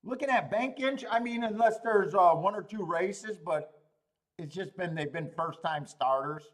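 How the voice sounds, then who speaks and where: In a live-stream chat rant, the male host gets fired up, alternately pleading, cursing, and laughing. His voice sits high, and he speaks at a normal speed.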